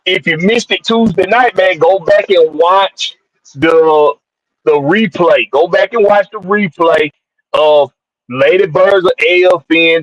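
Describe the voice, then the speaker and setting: A man's voice: a little high, fairly bright tone, dry recording, low-quality recording. A man from hosts a casual live-stream sports show, loose and jokey, reading out viewers and tossing in "man" all the time. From Georgia, USA. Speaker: podcast host.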